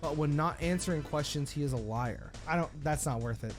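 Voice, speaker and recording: A man hosting a video essay, giving crude comedic commentary in a blunt, jokey way. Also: fairly quick. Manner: blunt, crude, jokey, with lively swings of pitch. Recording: voice-over with loud music behind.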